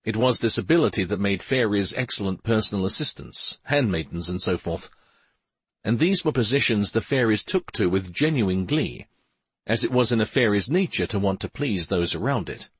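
Low, husky male audiobook narrator. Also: expressive, moderate pace, dry recording. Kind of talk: scripted fantasy narration.

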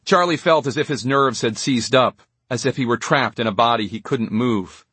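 Husky-voiced male audiobook narrator. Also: medium pitch, moderate pace, a bit bright, no room sound. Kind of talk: scripted narration.

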